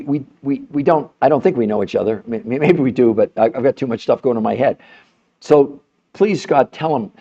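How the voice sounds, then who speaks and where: A man of medium pitch with a slightly mellow voice hosts a live health stream over dull audio. His heated monologue is indignant, punctuated by incredulous laughter and rhetorical questions thrown at the audience.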